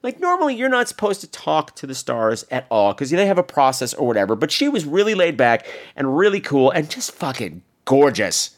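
A man's voice: fairly high pitch, fairly quick, few pauses. A man hosting a podcast, telling a casual, profane story and acting out the people in it. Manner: animated, profane, acts out the people in his stories. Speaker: podcast host.

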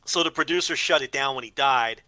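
A man's voice: mid-range voice, a little fast, pushed and bright, no echo. A man on a podcast, chatting casually and rambling, repeating words as he thinks. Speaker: podcast co-host. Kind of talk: casual chat.

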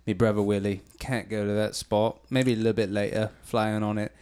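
A man's voice: fairly low pitch, flat delivery, a little fast, a little mellow, smooth, lightly acted. A man voicing a small, fussy male pet dog who rambles in mock British phrases. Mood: musing.

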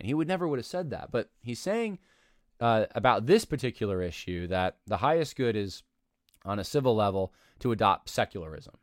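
A man reading aloud from an article and critiquing it in an argumentative, animated way, breaking in with asides and short laughs. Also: fairly low pitch, a little fast, no echo, studio quality. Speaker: commentator.

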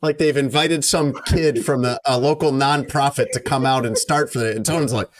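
A man's voice: mid-range voice, fairly even intonation, normal speed. A man co-hosting a casual podcast, making dry, wry remarks and corrections. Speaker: podcast co-host. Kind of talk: casual chat.

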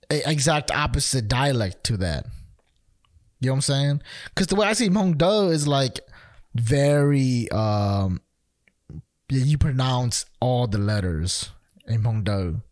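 A man's voice: mid-range voice, expressive, a little slow, long pauses, dry recording, studio quality. A man chatting casually, rambling and playful, with many fillers and restarts. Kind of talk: casual chat.

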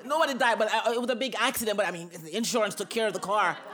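A woman's voice: mid-range voice, very fast, fairly bright tone, slight background noise, natural voice. Woman doing a hesitant, stammering car buyer. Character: hesitant male car customer, big-handed.

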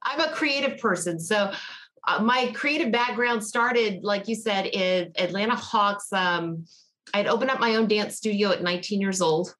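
A woman's voice: mid-range voice, normal speed, a bit bright. A woman from Georgia with a Southern accent, a podcast guest chatting casually and telling stories with frequent laughs. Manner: chatty storyteller, laughs often. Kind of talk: casual interview chat.

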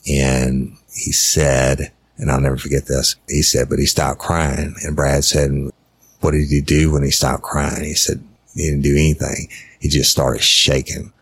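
A man's voice: very deep voice, level tone, measured pace, breathy edge, no room sound. A middle-aged man, a former detective bluntly telling a case story with profanity and acting out the dialogue. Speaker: retired detective recounting a case. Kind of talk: casual storytelling.

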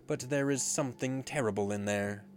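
A man's voice: medium pitch, a little fast, a little hiss or hum, lightly acted. A man reading aloud and voicing a terrified pirate who speaks in a hollow, gibbering voice.

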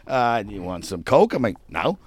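A man's voice: fairly low pitch, sing-song, normal speed. A middle-aged man telling a rambling, profane story in a casual podcast chat, laughing often. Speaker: podcast co-host.

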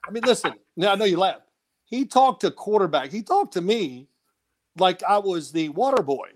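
A man, a former quarterback, telling stories as a guest in an animated, laughing way and acting out quotes. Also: sits high, normal speed. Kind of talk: casual phone-in storytelling.

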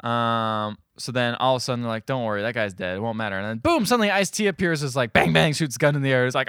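A man co-hosting a podcast, retelling a movie plot in casual chat, slipping into quick character voices, laughing and swearing. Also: mid-range voice, a bit bright, clean tone, no room sound, clean studio sound. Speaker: podcast co-host.

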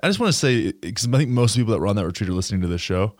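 A man with a fairly low voice chats as a podcast co-host, drifting through loose anecdotes and dropping swear words freely. His voice sounds close and dry, with no room around it. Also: expressive, racing, darkish tone, no room sound. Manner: rambling, profane storytelling. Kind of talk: casual chat.

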